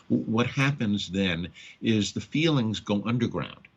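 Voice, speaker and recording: A man hosting a counseling radio talk, speaking haltingly with many repeated words and acting out quoted parents. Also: on the low side, animated, slightly rough. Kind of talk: radio talk on addiction and trauma. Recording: dull lo-fi radio audio.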